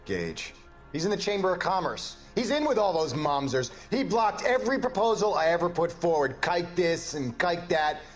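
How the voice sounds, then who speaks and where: An indignant cornered suspect. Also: male voice, fairly high pitch, very animated, normal speed, faint music behind. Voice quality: defensive, bitter. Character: cornered, indignant middle-aged male shopkeeper. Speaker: murder suspect under interrogation.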